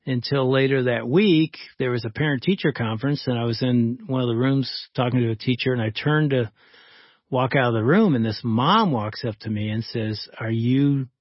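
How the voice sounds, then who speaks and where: Male talk-show host, mid-range voice, lively storyteller; dry, slightly muffled studio sound. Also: medium pitch, breathy edge, dry recording. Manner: lively storyteller who acts out quoted dialogue. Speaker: podcast host. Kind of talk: storytelling in a casual faith-based talk.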